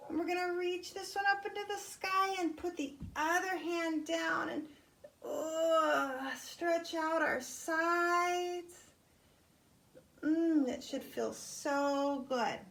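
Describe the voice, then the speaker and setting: A woman leading a yoga class for young children at home, talking gently and encouragingly as she guides each step. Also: very high voice, fairly even intonation, takes it slowly.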